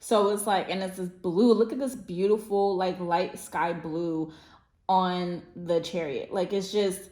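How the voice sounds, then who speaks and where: A woman's voice: lowish voice, steady tone, a little slow, darkish tone. A woman giving a casual spiritual tarot reading, rambling and effusive, with lots of fillers. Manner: meandering, filler-heavy, effusive. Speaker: tarot reader. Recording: roomy echo.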